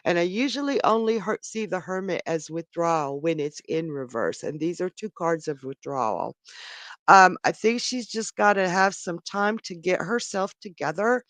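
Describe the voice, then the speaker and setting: Chatty, animated woman psychic host. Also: fairly low pitch, dry recording. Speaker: psychic reader and stream host. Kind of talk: live tarot reading stream, casual chat.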